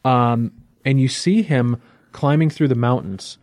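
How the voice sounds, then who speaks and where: A man's voice: medium pitch, unhurried, a little mellow, dry recording, clean studio sound. A man hosting a comic book podcast, recapping the plot in a rambling, casual way with fillers and restarts.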